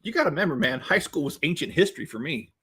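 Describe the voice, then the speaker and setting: Building LEGO while reading his viewers' chat, a fifties-aged man rambles and jokes on a casual live stream, chuckling often. He speaks quickly in a fairly high, sing-song voice that is fairly bright and slightly rough.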